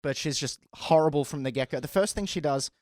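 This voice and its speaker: Male comic, animated storyteller, dry close sound. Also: fairly high pitch, fairly quick, dry recording. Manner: animated, laughs often while telling. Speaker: stand-up comedian. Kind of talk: casual storytelling.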